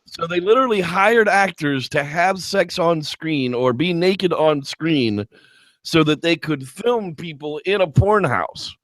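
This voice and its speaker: A man's voice: fairly high pitch, unhurried, dry recording, clean studio sound. A man co-hosting a movie review show in casual, rambling chat, swearing freely and launching into impressions. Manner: lively, rambling, swearing, jumping into voices.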